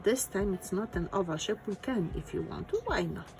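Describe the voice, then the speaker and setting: Gravelly-voiced woman teaching drawing. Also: mid-range voice, animated, fairly quick, low-quality recording. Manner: encouraging, thinking aloud while drawing. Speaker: art teacher. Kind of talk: step-by-step drawing lesson.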